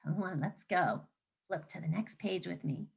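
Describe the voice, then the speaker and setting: A woman teacher reading a picture book aloud to children, animated and coaxing, pausing to ask them questions. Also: lowish voice, creaky, slightly rough.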